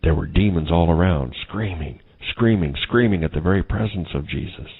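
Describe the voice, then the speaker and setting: A man's voice: low voice, moderate pace, breathy edge, phone-quality sound. A man solemnly recounting a vision as a personal testimony. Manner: solemn, grave retelling of a vision. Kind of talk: testimony narration.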